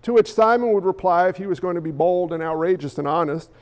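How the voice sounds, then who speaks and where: A male pastor preaching an animated sermon, acting out the voices he quotes. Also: sits high, quick pace, hardly any pauses. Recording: echoey hall, dull lo-fi sound.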